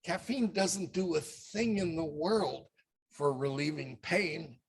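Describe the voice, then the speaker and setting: A man's voice: on the high side, slow pace, gravelly. An older man giving a wry, conversational presentation talk as guest speaker.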